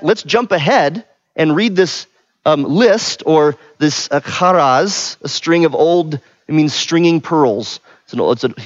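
Teaching from the pulpit, a middle-aged man keeps his sermon conversational, regularly questioning his listeners and tacking on a frequent "right?". His pitch is medium, and the sound is dull and lo-fi without echo.

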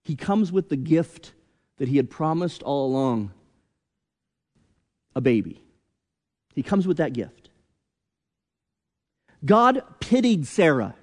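A man preaching a sermon as pastor, deliberate and emphatic, with rhetorical questions. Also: a little high, big-room sound.

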